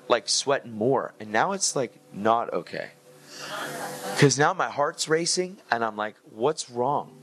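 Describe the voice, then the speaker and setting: A man's voice: mid-range voice, fairly bright tone, a little hiss or hum. Casual storytelling male preacher. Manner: casual storytelling with "dude" and "like", acting out dialogue. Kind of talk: energetic sermon testimony.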